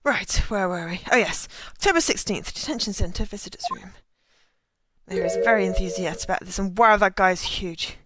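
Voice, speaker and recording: A woman's voice: mid-range voice, normal speed, fairly bright tone. A woman streaming a game, chatting in a casual, self-deprecating way. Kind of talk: live game stream commentary. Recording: game music behind voice.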